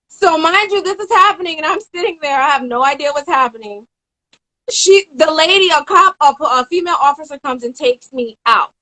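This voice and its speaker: Speaking with a high-pitched voice, a twenty-something woman recounts a story as a guest on a laid-back live-stream call over phone or video. She's lively and quick to mimic the characters she describes, though the audio is poor.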